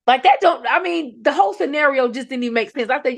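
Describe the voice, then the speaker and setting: A woman's voice: high-pitched, expressive, fast, vocal fry, few pauses, no room sound. A middle-aged woman, a bereaved mother telling her story in a podcast interview, emphatic and quoting her own words. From North Carolina. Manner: emphatic, retells confrontations, quotes herself. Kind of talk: personal account in a podcast interview.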